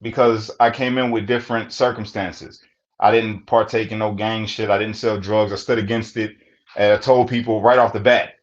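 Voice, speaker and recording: A man's voice: fairly low pitch, flat delivery, moderate pace. A man who co-hosts a podcast, telling stories in a blunt, profane, plain-spoken way. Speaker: podcast co-host. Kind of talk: casual storytelling. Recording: dull lo-fi sound.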